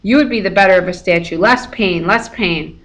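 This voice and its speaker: A woman reading aloud voices a monstrous old female gorgon with a soft, coaxing purr. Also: mid-range voice, normal speed, natural voice. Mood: soothing.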